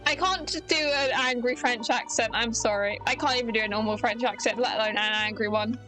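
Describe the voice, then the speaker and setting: A woman's voice: fairly high pitch, brisk, sharp tone, faint music behind, rough recording. A woman game streamer at home, chatty with self-deprecating asides, currently ill. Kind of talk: casual let's-play commentary.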